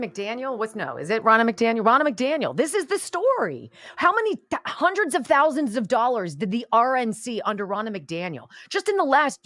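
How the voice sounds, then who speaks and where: A woman's voice: on the high side, a bit bright, dry recording. A woman hosting a political talk radio show, emphatic, indignant and sarcastic.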